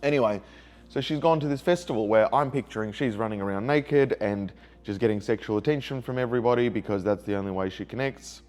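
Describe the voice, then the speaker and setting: A man's voice: mid-range voice, fast talker, darkish tone. An upset man, telling a rambling personal story in a video diary and repeating himself when hurt. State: emotionally upset. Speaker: vlogger.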